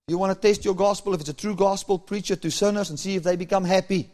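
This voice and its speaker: High-voiced man preaching. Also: steady tone, quick pace, hardly any pauses, a little mellow. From South Africa. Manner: storytelling, acting out dialogue with chuckles. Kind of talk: sermon.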